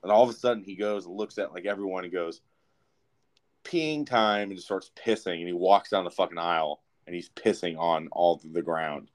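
Young male co-host, lower voice, swears freely, rambles through stories. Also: brisk, hardly any pauses. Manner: profane, rambling, animated. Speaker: podcast co-host. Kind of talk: casual storytelling.

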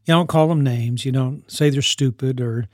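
A man's voice: mid-range voice, moderate pace, dry recording, studio quality. A man who mentors teenagers gives an earnest parenting talk, often repeating and restarting his phrases. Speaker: youth mentor living with teens.

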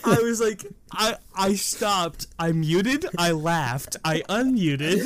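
Slow, lively young man telling a story. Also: high-pitched, a little hiss or hum. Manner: laughing storytelling. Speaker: podcast co-host. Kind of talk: casual chat.

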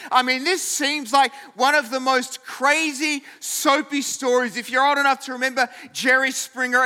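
High, bright-voiced playful preacher. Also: male voice, in a large hall. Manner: playful, conversational, acts out scenes. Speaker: pastor. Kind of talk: sermon.

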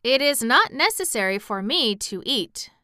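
A woman's voice: fairly high pitch, sing-song, normal speed, bright, forceful tone, clear, resonant tone, no room sound, clean studio sound, pitched above the performer's own voice. A woman voicing an earnest, mildly proud male sawhorse made of wood.

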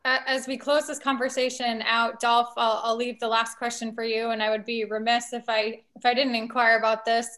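A woman hosting an interview, asking measured questions. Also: on the high side, little pitch movement, fairly bright tone. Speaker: host.

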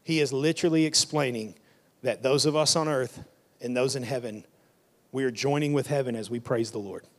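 Brief: male pastor, relaxed sermon delivery, mid-range voice, reads scripture. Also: medium pitch, a little fast. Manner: conversational preaching with scripture reading.

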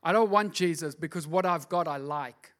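Male pastor with a high-set voice, sermon delivery, hushed asides building into forceful repeated refrains. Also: moderate pace. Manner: shifts from hushed, intimate asides to loud, driving preaching; repeats words for emphasis.

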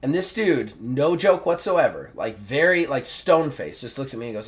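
A man's voice: medium pitch, normal speed, hardly any pauses. A man hosting a podcast, telling a story casually and acting out the people in it. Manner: animated storyteller acting out dialogue. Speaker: podcast host. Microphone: podcast mic.

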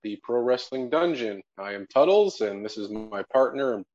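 A man's voice: medium pitch, expressive, moderate pace, a little mellow. A man hosts a casual podcast, spinning jokey stories and breaking into laughs. His voice sits in a middle register, and the recording sounds muffled and lo-fi. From Canada. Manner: jokey, laughs often, storytelling. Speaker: podcast host. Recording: dull lo-fi audio.

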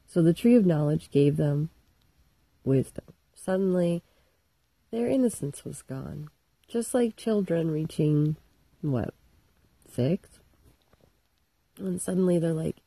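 A woman's voice: low voice, expressive, slow, long pauses, warm tone, slightly rough, no room sound, rough recording. A middle-aged woman telling a story in a casual, irreverent and profane comic monologue.

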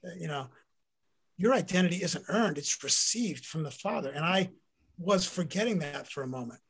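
A middle-aged man, a former pro football player, telling a personal faith story in an interview with earnest, animated delivery. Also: on the high side, moderate pace, husky. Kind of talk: personal faith testimony in conversation.

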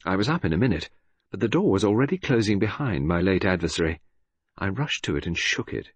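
A male narrator reading a story aloud in a low, slightly husky voice. His delivery is expressive, with pitch moving widely from line to line. The recording is dry and close. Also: brisk, no room sound. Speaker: audiobook narrator. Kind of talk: scripted narration.

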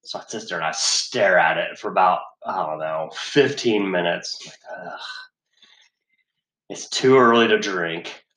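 A man's voice: low voice, unhurried, fairly bright tone, echoey room. A man telling a story in a profane casual chat, swearing heavily, sighing and laughing as he talks.

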